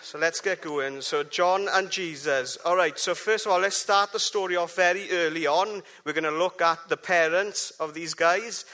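A man's voice: high-pitched, moderate pace, hardly any pauses, sharp tone. A man giving a chatty, jokey church talk, often asking the congregation questions. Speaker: preacher.

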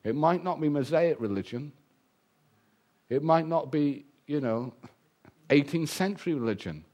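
A man preaching a sermon, lively and humorous, acting out the voices he quotes. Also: a little high.

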